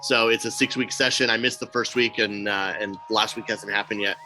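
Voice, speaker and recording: Guy chatting on a podcast, bright tone, acts out the quotes, swears a bit, soft music under it. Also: fairly low pitch, brisk. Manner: animated storyteller, acts out quotes; blunt, swears casually. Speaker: podcast co-host. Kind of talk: casual chat.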